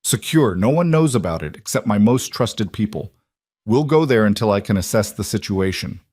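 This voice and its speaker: A man's voice: lowish voice, animated, moderate pace, darkish tone, dry recording, studio quality. A man voicing a hard, commanding mafia boss. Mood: steady. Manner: firm and commanding. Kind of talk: audiobook character voice.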